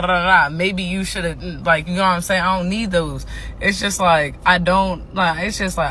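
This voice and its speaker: An exhausted woman rants in a casual monologue. Her voice is bright and forward, and she circles back over the same frustrations with frequent swearing. Faint noise sits behind her. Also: lowish voice. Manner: frustrated, swears a lot, repeats herself. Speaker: TikTok ranter.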